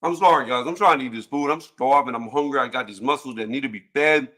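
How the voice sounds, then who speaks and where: A man hosting a casual boxing livestream panel, joking loudly and cursing, with frequent laughs and trash talk. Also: mid-range voice, quick pace.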